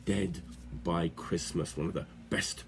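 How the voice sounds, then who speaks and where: A man's voice: deep voice, steady tone, unhurried, creaky, a little hiss or hum. A middle-aged man chatting casually about his records in a vlog, rambling along with lots of filler words and tag questions. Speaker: record collector host.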